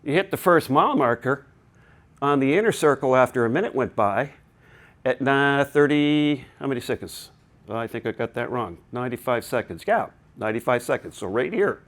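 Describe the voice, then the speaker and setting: A man gives a technical talk at a conference, explaining things to the audience in a loose, chatty way. He wanders off into digressions and joking asides. His voice sits at an ordinary middle pitch. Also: expressive, normal speed. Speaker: conference presenter. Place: conference hall.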